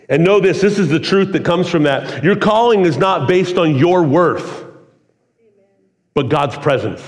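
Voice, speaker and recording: A man preaching a sermon in a relaxed, conversational way, full of "like" and "kinda.". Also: a little high, measured pace. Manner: casual, conversational preaching with many "like"s. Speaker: pastor. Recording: long hall reverb.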